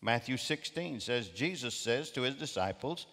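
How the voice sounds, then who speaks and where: A man's voice: medium pitch, expressive, moderate pace, few pauses, fairly bright tone. A man preaching a sermon as a guest speaker, emphatic and repeating key phrases for weight. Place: large church auditorium. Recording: long reverb of a large hall.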